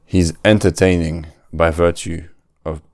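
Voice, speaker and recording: A man's voice: sits low, little pitch movement, a little slow, darkish tone, no room sound, studio quality. A man, hosting a casual solo podcast, often stopping to search for words and restarting his sentences. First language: French. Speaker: podcast host.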